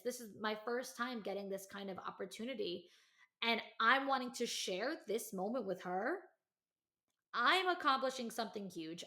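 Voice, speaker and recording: Chatty woman podcast host telling a story. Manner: chatty, heavy use of "like" and "you know"; animated, acts out quotes in a higher voice. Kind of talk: casual storytelling monologue.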